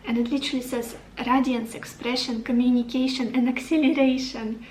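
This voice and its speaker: A woman's voice: on the high side, flat delivery, a little fast, darkish tone, echoey room, far from the mic, slight background noise, poor audio. A woman giving a tarot reading to the camera, upbeat and encouraging, thinking aloud as she turns over cards. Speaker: tarot reader.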